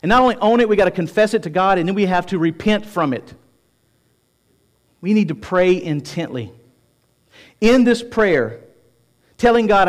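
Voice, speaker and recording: A man's voice: sits high, lively intonation, normal speed, pauses often. Man in his forties preaching, self-deprecating. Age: 40s. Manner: conversational preaching, self-deprecating, rising to emphatic passages. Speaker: pastor. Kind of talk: sermon. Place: church stage.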